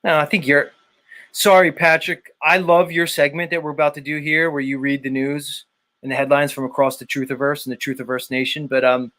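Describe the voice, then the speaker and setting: A man's voice: a little high, little pitch movement, a little fast, pushed and bright. A man hosting a livestream show, ranting in a sarcastic, mock-exasperated way and swearing often. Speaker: show host. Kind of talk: casual sarcastic livestream rant.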